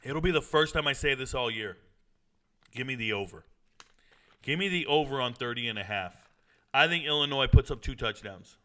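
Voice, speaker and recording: A man hosting a live-streamed sports talk show, animated and repeating his points for emphasis. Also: mid-range voice, normal speed, pauses often.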